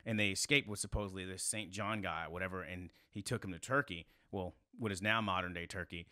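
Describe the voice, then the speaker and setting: A man in his thirties from South Carolina, a podcast guest telling a story in a casual, animated way, swearing freely. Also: a little fast, no echo, clean studio sound. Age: 30s. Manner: animated, swears a lot, rising to high exclaims.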